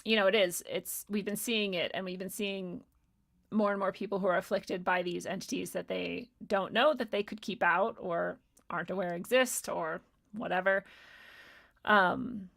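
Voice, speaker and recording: A young woman hosting a livestream, reading chat questions aloud and answering them in casual, profane, animated chat with frequent laughter. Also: medium pitch, moderate pace, vocal fry.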